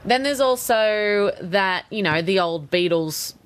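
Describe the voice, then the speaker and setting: A woman from Australia with an Australian accent, a singer chatting casually in an interview, talking with lots of fillers and quick laughs. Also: medium pitch, lively intonation.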